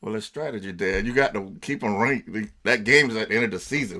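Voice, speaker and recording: Deep-voiced, easygoing young man. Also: fast, sharp tone. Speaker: sports talk co-host. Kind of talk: casual sports talk.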